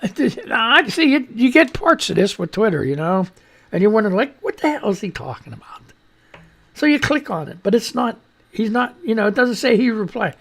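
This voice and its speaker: A male radio host rambling through the news, reading items aloud and spinning off into jokey tangents. His voice sits high for a man, with a gravelly rasp and wide swings in pitch. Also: expressive, moderate pace, a bit bright. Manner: rambling, joking, reads headlines and posts aloud. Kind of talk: rambling comedic news commentary.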